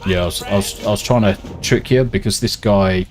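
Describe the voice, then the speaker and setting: A man's voice: on the low side, fairly quick, faint music behind. A man chatting casually and swearing a lot while he streams a game and reads out viewer messages. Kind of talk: casual gameplay chat.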